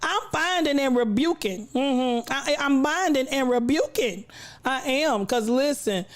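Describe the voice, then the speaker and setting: A woman hosting a casual livestream, greeting viewers from the chat with a playful, preacher-like cadence and frequent laughter, her voice a little worn from recently losing it. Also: a little high. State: recovering voice, coughing. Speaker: livestream host.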